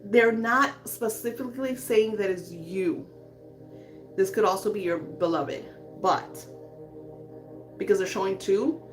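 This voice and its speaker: A woman doing a live psychic reading, talking softly with calm spiritual reassurance. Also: medium pitch. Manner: soft, soothing, spiritual affirmations. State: emotional. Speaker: psychic reader.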